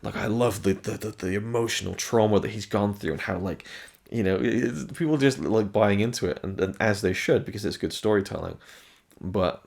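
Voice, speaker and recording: A man with a low, gravelly voice talks through a screen review in a loose, unscripted way. He stumbles over words, doubles back and restarts sentences, and drops casual swears as he goes. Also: fairly quick, a little mellow. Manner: rambling, frequent restarts and repeated words. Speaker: film and TV reviewer.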